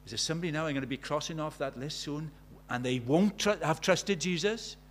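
A man's voice: fairly high pitch, a little fast, fairly bright tone. A man preaching a sermon in an earnest way, telling stories and asking his listeners many questions.

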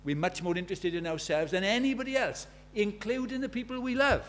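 A brisk preacher, his voice a little high for a man, drives home his sermon in church through emphatic repetition and rhetorical questions. He drops from forceful declarations into hushed asides, with slight background noise.

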